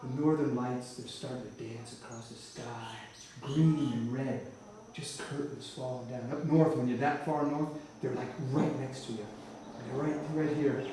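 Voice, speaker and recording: A man's voice: mid-range voice, fairly even intonation, unhurried, mellow, a little hiss or hum. A man giving a testimony at church, telling his story vividly and animatedly, often restarting phrases. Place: church hall. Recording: echoey church hall from far off.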